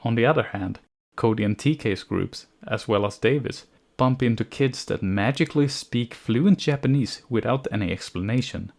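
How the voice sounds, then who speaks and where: An anime reviewer with a gravelly, mid-range voice reads a scripted review of an animated series at normal speed. His tone is sardonic and nitpicky, and plot holes frequently leave him sounding exasperated.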